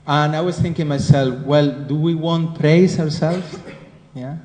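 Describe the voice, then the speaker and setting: A man's voice: fairly high pitch, fairly even intonation, unhurried, darkish tone. A man with a Spanish accent giving a devotional class lecture, talking conversationally and often putting questions to his listeners. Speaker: scripture class teacher. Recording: roomy hall echo with faint noise.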